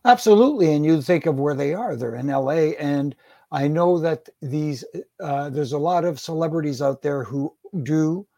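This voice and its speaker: A man telling animated stories in a casual podcast chat about wrestling. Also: fairly high pitch, normal speed, gravelly, no echo, studio quality. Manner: storytelling, animated anecdotes with acted quotes.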